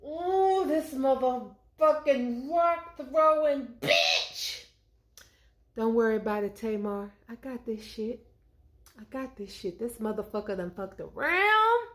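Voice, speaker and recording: A man's voice: extremely high pitch, sing-song, takes it slowly, a bit bright, full character voice. Woman playing a pissed-off young guy, cussing, fed up, out for payback. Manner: profane, fed-up, threatening. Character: angry young man avenging his sister.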